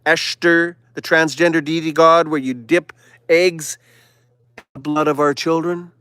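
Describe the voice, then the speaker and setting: A man hosting a livestream, giving a preachy monologue that swings from loud declarations to hushed whispers. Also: a little high, flat delivery, measured pace, clean tone. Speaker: livestream host.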